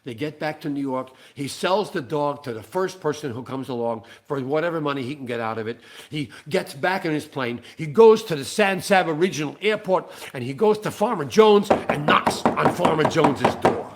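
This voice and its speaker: A man telling a long comic story in a playful, animated way. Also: on the high side, normal speed, hardly any pauses, a little hiss or hum. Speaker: singer-songwriter and storyteller. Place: living room.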